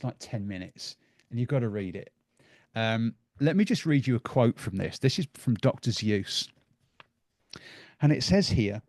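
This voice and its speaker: A man's voice: mid-range voice, a little mellow, no echo, clean studio sound. A middle-aged man giving a live talk to an audience, conversational and full of ums and repeated words.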